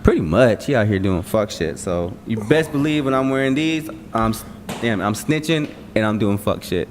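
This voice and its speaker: A man's voice: lowish voice, animated, normal speed. A young man co-hosting a casual podcast, goofy, laughing often and swearing freely. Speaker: podcast co-host. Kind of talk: casual chat. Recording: long hall reverb, faint room noise.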